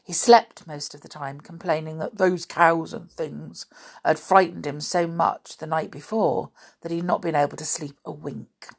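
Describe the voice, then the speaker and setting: Slow, gravelly woman reading a storybook. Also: low voice, fairly even intonation. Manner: chatty asides and frequent throat clearing. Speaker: storybook reader. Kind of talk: reading a children's novel aloud.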